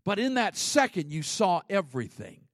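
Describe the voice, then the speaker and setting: A man preaching a sermon as pastor, conversational, with sudden swings between loud emphasis and hushed asides. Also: high-pitched, sing-song, moderate pace, dry recording, clean studio sound.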